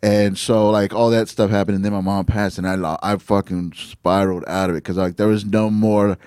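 A man hosting a podcast, asking short follow-up questions and reflecting on his own life in relaxed, casual talk. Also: lowish voice, brisk, clear, resonant tone, no echo, clean studio sound. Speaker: podcast host and comedian. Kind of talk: casual interview chat.

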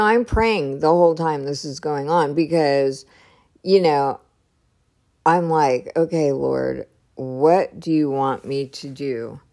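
A woman's voice: lowish voice, a little mellow. Chatty woman retelling a home argument. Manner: chatty, retells dialogue with lots of "I go" and "he's like", laughs often. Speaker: podcast host. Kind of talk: casual storytelling monologue.

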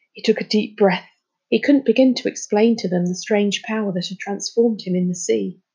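A woman reading a children's novel aloud in an expressive storytelling manner. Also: medium pitch, husky, lo-fi sound. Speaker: storybook reader.

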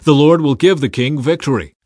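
A man's voice: on the high side, fairly quick, darkish tone, no echo, pitched above the performer's own voice, close to an everyday voice. Man reading a chorus of eager yes-men prophets, dry sound.

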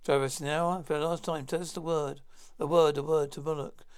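A man's voice: fairly high pitch, level tone, moderate pace, clear, resonant tone, natural voice. A man reading a cruel villain commander. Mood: menacing.

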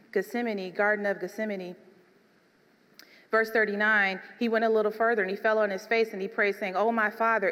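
A woman preaching a sermon, animated, swinging between soft and emphatic delivery. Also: medium pitch, in a large hall.

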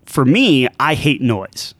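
A man's voice: medium pitch, big pitch swings, slow, a bit bright, no echo. Rambling male podcast co-host. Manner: rambling, hesitant, tangential. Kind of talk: casual chat. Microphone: studio dynamic microphone.

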